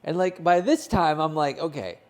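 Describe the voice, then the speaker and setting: A man's voice: on the high side, animated, normal speed, darkish tone. A man co-hosting a casual sports podcast, telling a rambling story full of swearing. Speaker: podcast co-host. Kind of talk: casual chat.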